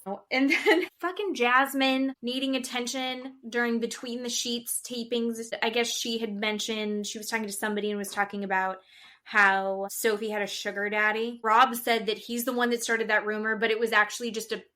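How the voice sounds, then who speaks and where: A woman's voice: a little high, level tone, normal speed, bright, forceful tone. A woman co-hosting a podcast, casually recapping reality TV in a chatty, gossipy way and laughing often. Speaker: podcast co-host.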